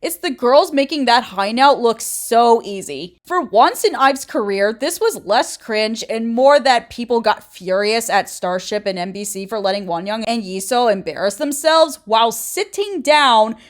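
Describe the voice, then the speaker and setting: A woman's voice: fairly high pitch, lively intonation, a little slow, hardly any pauses. A woman in her late twenties narrating a commentary video essay in a sassy, blunt, opinionated way. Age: 20s. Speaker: YouTuber.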